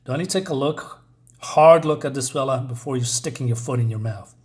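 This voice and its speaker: A man's voice: mid-range voice, a little fast, close to an everyday voice. A man voicing a plainspoken small-town sheriff with a folksy drawl.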